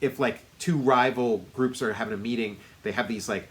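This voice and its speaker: A man's voice: mid-range voice, fairly even intonation, brisk. A man co-hosting a casual movie review podcast, rambling and circling back with many fillers. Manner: rambling, lots of fillers and restarts. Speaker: podcast co-host.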